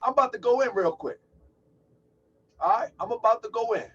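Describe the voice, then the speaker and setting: A man hosting a call-in livestream speaks in a very high, somewhat bright voice with a breathy edge, fairly quick and animated. Chatty and loose, he exclaims and laughs as he sets up, heard through a distant, dull lo-fi mic.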